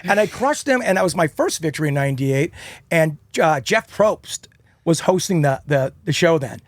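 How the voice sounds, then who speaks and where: A man in his fifties, a podcast guest, telling casual stories in an animated way and acting out quotes. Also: fairly high pitch, moderate pace. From United States. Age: 50s. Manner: animated, acts out quotes in funny voices. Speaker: podcast guest, rock singer. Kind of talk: casual storytelling.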